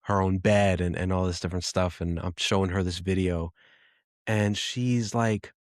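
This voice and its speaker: This podcast host, a man in his thirties, has a very low voice and fairly even intonation as he reflects on a personal story. His speech is halting, full of pauses and restarts. The recording is close and dry, with no room around it.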